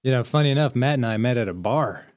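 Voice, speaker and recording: A man's voice: mid-range voice, expressive, fast, a little mellow, a little hiss or hum. A man from the East Coast, appearing as a podcast guest and making laid-back quips. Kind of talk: casual chat.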